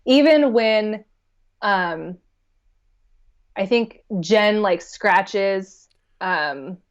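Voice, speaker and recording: A woman discussing a movie on a podcast, easygoing and conversational, often pausing to think mid-sentence. Her mid-pitched voice comes through a slightly dull, lo-fi recording. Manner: relaxed, thinks aloud with fillers and laughs. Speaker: podcast guest. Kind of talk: casual film discussion.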